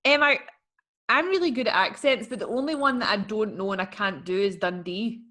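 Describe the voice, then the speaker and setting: A woman's voice: medium pitch, a little fast, bright, forceful tone. A young woman co-hosting a podcast in casual chat, rambling through stories with lots of fillers. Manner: chatty, rambling storyteller, many "like" fillers. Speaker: podcast co-host.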